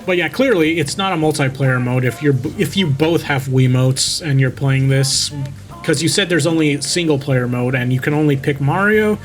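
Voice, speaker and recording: A man's voice: fairly high pitch, normal speed, faint music behind, rough recording. A young man reading a cheesy horror story aloud as a VTuber, constantly stopping to mock it, swearing and picking at its grammar. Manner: mocking, swears freely, interrupts his own reading. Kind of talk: story reading with sarcastic commentary.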